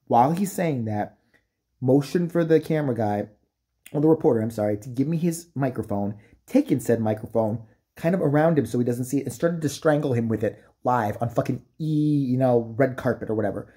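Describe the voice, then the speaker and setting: A man rants into the camera for his vlog, cursing freely and mocking his subject as he goes. His voice is very dark and mellow, with a husky, slightly rough edge. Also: medium pitch, fast talker. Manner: profane, mocking rant with put-on impressions. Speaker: vlogger. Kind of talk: ranting commentary.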